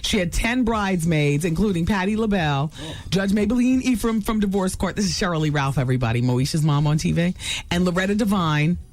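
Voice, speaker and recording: A woman hosts a radio show, rattling through celebrity gossip with chatty asides and quick self-corrections. She sounds like she is in a studio broadcast with soft music faintly underneath. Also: fairly low pitch, expressive. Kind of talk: casual celebrity gossip talk.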